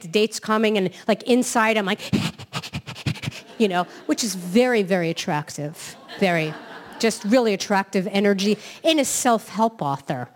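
A woman from New York City, a self-help author, giving an inspirational talk in a lively storytelling manner, often checking in with "right?". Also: lowish voice.

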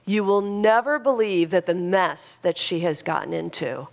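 A grown daughter who chatters on in loud, rapid gossip, as a woman preacher puts her on. The voice sits higher and brighter than the speaker's own, with a slightly gravelly texture. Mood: gossipy.

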